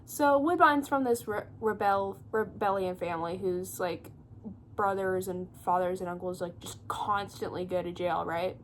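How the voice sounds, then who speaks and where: A woman's voice: mid-range voice, moderate pace, a little hiss or hum. A young woman at home giving a rambling, profane, casual book recap full of fillers and laughter. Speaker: booktuber.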